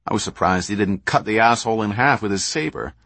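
A man voicing a gruff, profane American intelligence officer in an audiobook. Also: lowish voice, fast, pushed and bright, dry recording, heavily acted. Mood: blunt.

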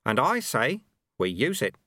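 A man's voice: medium pitch, big pitch swings, measured pace, pushed and bright, no echo, clean studio sound, exaggerated voice. A man voicing a wily old male monastery sweeper who talks in a chirpy, folksy, teasing way.

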